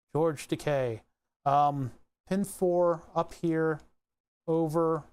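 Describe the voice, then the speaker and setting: A streamer thinking aloud in a relaxed livestream, muttering to themselves, trailing off mid-sentence and often correcting themselves. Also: mid-range voice. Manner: muttering to self, frequent self-corrections.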